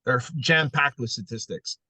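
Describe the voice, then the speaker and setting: A man's voice: medium pitch, normal speed, pushed and bright, no echo. A man interviewing a guest in casual podcast chat, full of crude jokes. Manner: crude joking banter.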